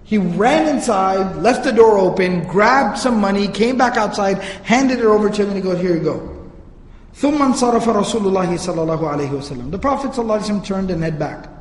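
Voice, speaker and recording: A man's voice: sits high, rapid-fire, hardly any pauses. A man giving a religious history lecture, telling the story earnestly and reciting Arabic passages. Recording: echoey hall reverb.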